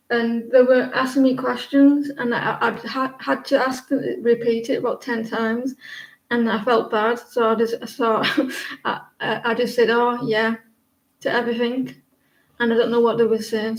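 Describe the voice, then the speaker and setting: Woman in her forties, tarot reader on a live stream, fairly high voice, flat delivery, echoey room. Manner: chatty, rambling, often restarts sentences.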